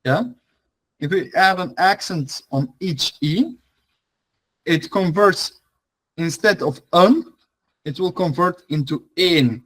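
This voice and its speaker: A young man teaching an online class, his voice sitting a little high. He talks slowly and loosely, with plenty of fillers and restarts as he thinks aloud. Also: fairly bright tone, poor audio. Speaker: language teacher.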